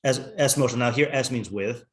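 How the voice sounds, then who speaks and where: A middle-aged rabbi leads a casual class in a voice of ordinary middle pitch. He talks in a loose, chatty way, stops himself mid-thought and laughs easily as he goes. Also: brisk. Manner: chatty, self-interrupting, laughs often.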